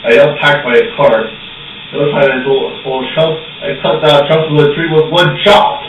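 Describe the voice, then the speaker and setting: A man recites a rhyming tale in a rambling sing-song, his voice a bit high for a man. The recording is dull and heard from far off in a heavily echoing room. A faint hiss sits under the voice. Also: normal speed. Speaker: puppet skit performer. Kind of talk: amateur storytelling in rhyme. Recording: very echoey, dull, distant home recording.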